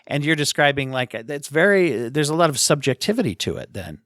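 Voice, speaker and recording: A man's voice: fairly high pitch, big pitch swings, fairly quick, a bit bright, no room sound, clean studio sound. A man hosting a podcast, asking long, thoughtful questions and reflecting on his guest's answers. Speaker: podcast host. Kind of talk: conversational interview.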